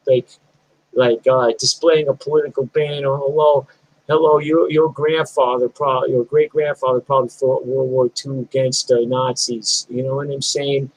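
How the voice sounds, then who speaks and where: A middle-aged punk musician ranting in a blunt, rambling, profane monologue vlog. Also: male voice, medium pitch, flat delivery, moderate pace, poor audio.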